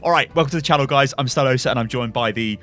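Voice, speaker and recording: A man hosting a gaming channel, talking excitably and rambling through casual game commentary. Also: medium pitch, racing.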